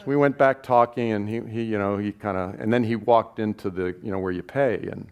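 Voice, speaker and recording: A man's voice: lowish voice, a little fast, darkish tone, smooth. A man, a documentary filmmaker, telling a story to an audience in a rambling, self-correcting way with chuckles between lines. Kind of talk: live spoken storytelling.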